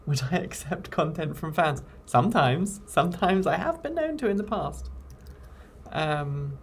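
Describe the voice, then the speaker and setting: A woman's voice: low-pitched, lively intonation, a little slow, a little hiss or hum. A woman hosting a live stream, chatting casually and thinking aloud while she edits video. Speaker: video editor and show host. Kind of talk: casual livestream chat while editing.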